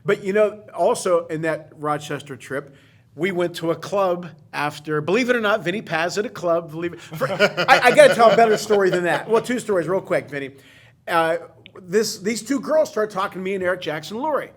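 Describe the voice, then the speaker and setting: A man with a high voice hosts a casual talk show and tells long, rambling stories about an old friend. He gets emotional and laughs easily as he goes along. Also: lively intonation, fairly quick. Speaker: podcast host. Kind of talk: casual storytelling chat.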